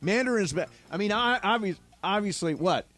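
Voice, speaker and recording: A middle-aged man co-hosting a sports talk radio show, jokey and animated. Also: sits high, normal speed. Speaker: radio co-host.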